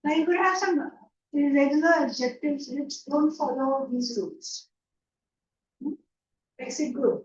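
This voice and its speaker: High-voiced woman teaching grammar, slowly. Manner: patient, checks understanding with "yeah?" and "right?". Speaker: English teacher. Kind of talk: online grammar lecture. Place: online class from a room. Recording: roomy, distant, dull online lecture audio.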